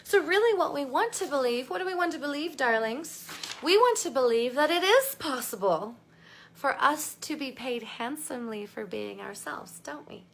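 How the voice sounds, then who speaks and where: A woman's voice: high-pitched, animated, normal speed, a little hiss or hum. A woman coaching a live online workshop, bubbly and effusive, reading out viewers' comments and laughing often. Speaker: life coach.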